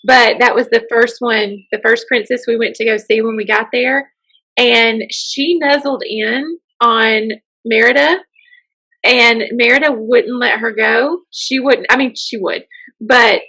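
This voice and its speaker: Bright kinda high woman in her 30s just chatting and telling a story. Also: fairly even intonation, measured pace, breathy edge. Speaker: podcast co-host. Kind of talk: casual chat.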